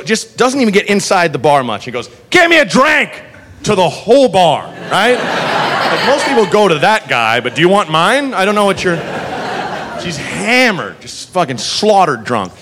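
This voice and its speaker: A male stand-up comedian telling a profane, animated story in a comedy club. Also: high-pitched, a little hiss or hum. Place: comedy club before a live audience. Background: audience.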